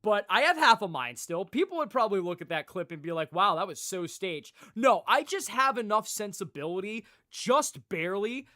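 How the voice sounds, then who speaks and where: A young man livestreaming, chatting casually with viewers in a rambling, animated way, swearing freely and laughing often. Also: high-pitched, a little fast, few pauses. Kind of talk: casual chat with live viewers.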